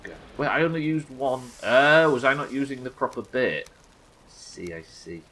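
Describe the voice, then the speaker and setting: Bright-voiced man streaming a game. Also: medium pitch, animated, moderate pace, low-quality recording. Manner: chatty, swears freely, thinks aloud. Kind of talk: live gameplay commentary.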